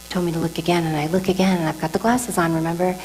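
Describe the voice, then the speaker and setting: A woman speaks to a live audience about a deeply personal experience, turning to them with questions and sometimes sinking to a hushed whisper. Her voice carries with a long hall reverb, and a faint mains hum runs underneath. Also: racing. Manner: animated, addresses the audience with questions, drops to whispers. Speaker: speaker telling a near-death story to an audience. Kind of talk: emotional testimony talk.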